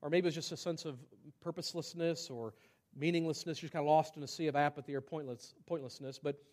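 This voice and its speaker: Male pastor, fairly high-pitched, conversational sermon delivery with emphatic swells and soft asides. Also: fairly even intonation, fast talker. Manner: conversational preaching, rising to emphatic peaks and dropping to hushed asides.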